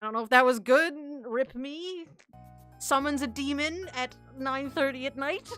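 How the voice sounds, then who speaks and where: A woman's voice: sits high, normal speed, a bit bright, faint music behind. A young woman livestreaming, chatting casually with viewers in a giggly, rambling, self-deprecating way. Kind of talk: casual stream chat.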